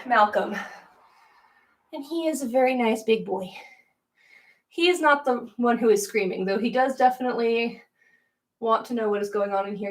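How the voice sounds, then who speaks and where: A young woman with a fairly high voice, recorded from a distance, hosts a casual livestream from a spare room at home. The sound is roomy, and she's chatty and giggly, laughing a lot.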